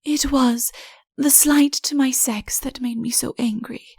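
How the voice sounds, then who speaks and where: A woman voicing a scheming, flirtatious countess in an audiobook, with a breathy, whispery delivery and a put-on meekness. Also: high-pitched, fairly even intonation, unhurried, darkish tone, no echo, clean studio sound, pitched above the performer's own voice, exaggerated voice. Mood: beseeching. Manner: coy, feigns meekness. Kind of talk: audiobook character voice.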